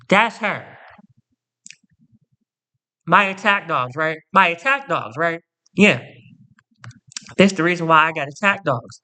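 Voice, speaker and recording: A man's voice: fairly high pitch, expressive, a little slow, long pauses, pushed and bright. A man telling a profane, sassy storytime rant to camera as a vlogger.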